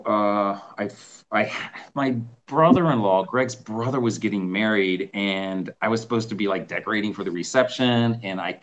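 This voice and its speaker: A middle-aged man telling a story as an interview guest, animated and acting out the voices of people he quotes. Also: fairly low pitch, dull audio. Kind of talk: casual storytelling.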